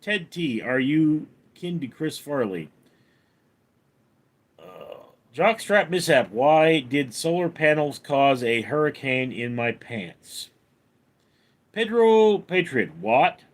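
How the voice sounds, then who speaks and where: A man hosting a home livestream, reading viewer comments and answering in a dry, deadpan way. He talks slowly, and his pitch rises and falls a lot from line to line. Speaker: livestream host. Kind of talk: reading live chat aloud.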